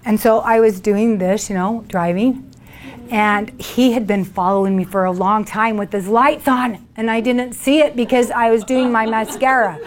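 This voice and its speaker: A woman's voice: on the high side, steady tone, moderate pace. A woman leading a workshop, telling chatty stories to a group and acting out her own past words with laughs. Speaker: workshop leader. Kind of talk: storytelling talk to a group.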